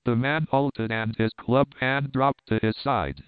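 A man reads a novel aloud in a measured, even way. His voice is smooth and clear. The recording is dry, with a thin, phone-like sound. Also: mid-range voice, no room sound. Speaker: audiobook narrator.

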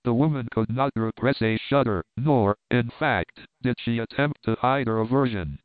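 A man narrating a novel in a measured, even storytelling voice. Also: medium pitch, no echo. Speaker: audiobook narrator. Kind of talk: reading a novel aloud. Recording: dry, tinny phone-like sound.

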